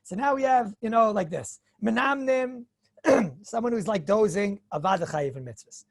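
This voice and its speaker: A rabbi delivers a Torah lecture in a gravelly, husky voice, recorded close and dry. He is animated, acts out little back-and-forth dialogues, and often clears his throat and chuckles. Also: sits high, normal speed, dry recording.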